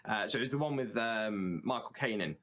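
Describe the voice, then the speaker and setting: A man's voice: on the low side, animated, a little fast, fairly bright tone. A British man in casual chat as a guest, explaining words with plenty of ums and restarts. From United Kingdom. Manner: hesitant, many ums and restarts.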